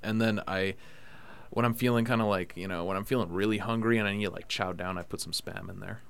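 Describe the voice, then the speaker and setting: Easygoing low-voiced podcast host, man. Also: fairly even intonation, quick pace, creaky, clean tone. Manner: loose and jokey, heavy on fillers like "like". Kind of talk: casual chat.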